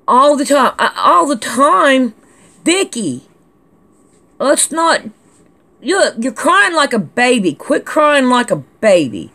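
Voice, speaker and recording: A woman's voice: sits high, wildly swooping pitch, slow, sharp tone. A woman hosting a casual vlog, reading out viewer comments in a chatty, scolding, drawling way. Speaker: channel host reading comments.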